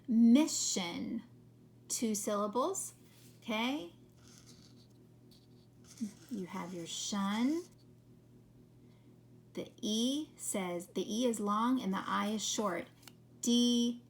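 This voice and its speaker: A woman teaching children phonics, speaking at a very slow, deliberate pace. Her voice carries a gravelly fry, and faint background noise sits under the recording. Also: mid-range voice, lively intonation. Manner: slow, carefully sounding out words.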